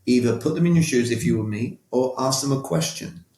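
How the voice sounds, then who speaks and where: A man's voice: mid-range voice, fairly quick, mellow, roomy sound. A man being interviewed as a podcast guest, who talks in an emphatic, coaching way and keeps checking that the listener follows. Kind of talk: conversational interview.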